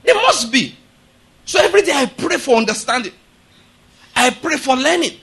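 A male pastor preaching a sermon, emphatic and repeatedly asking the congregation if they follow him, building to loud, forceful declarations. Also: extremely high pitch, very animated, moderate pace.

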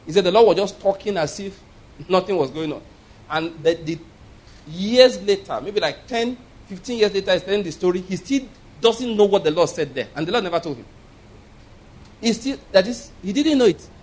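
A man's voice: sits high, animated, moderate pace, darkish tone, poor audio. A man preaching a sermon in an emphatic storytelling manner, often chuckling as he makes his points.

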